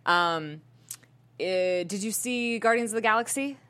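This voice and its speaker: A woman's voice: mid-range voice, measured pace, pushed and bright, smooth. A young adult woman hosting a casual entertainment news chat, talking chattily with lots of giggles and fillers. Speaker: show host.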